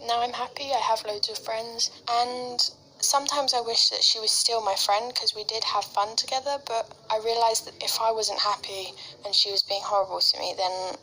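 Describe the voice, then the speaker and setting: English girl telling a story, lots of "like", bright voice with some vocal fry. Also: on the high side, steady tone, normal speed, few pauses, rough recording. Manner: chatty, heavy use of "like", drops into soft whispers.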